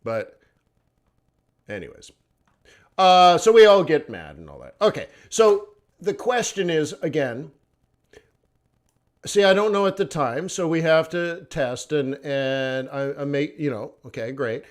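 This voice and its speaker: A man with a fairly high, expressive voice hosts a live forex trading stream, speaking unhurriedly with long pauses. He is chatty and casual, laughing often between loose, rambling thoughts full of fillers and restarts.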